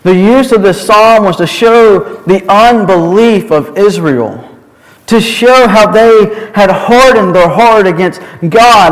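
A man's voice: high voice, slow. A male preacher delivering a sermon and retelling scripture in an emphatic storytelling manner. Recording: long hall reverb.

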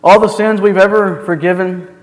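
A man's voice: sits high, steady tone, moderate pace. A male pastor delivering a sermon in a church, earnest and full of rhetorical questions. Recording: long hall reverb.

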